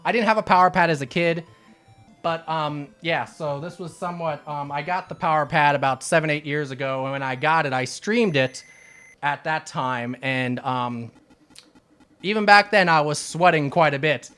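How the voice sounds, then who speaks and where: A man's voice: on the high side, moderate pace, fairly bright tone, clear, resonant tone, soft background music. A man in his thirties, out of breath from exercise games, chatting casually with viewers as a retro game streamer. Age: 30s. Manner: chatty, laughing, swears at the game. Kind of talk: casual live stream chat.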